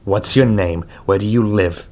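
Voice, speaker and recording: A man voicing a menacing adult male abductor who talks in a calm, coaxing, cold way. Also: on the low side, measured pace, close to an everyday voice. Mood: demanding.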